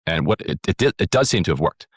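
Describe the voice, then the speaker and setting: Very deep, fast-talking podcast co-host. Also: male voice, expressive, husky, no echo, clean studio sound. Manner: retelling events with acted quotes, many fillers. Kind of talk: casual political talk.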